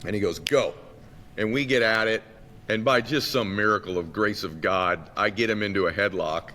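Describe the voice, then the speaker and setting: Brief: deep, lively male guest storyteller, long room reverb, faint rumble underneath. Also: brisk. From Massachusetts. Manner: animated storyteller who acts out quotes. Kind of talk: storytelling in a conversation.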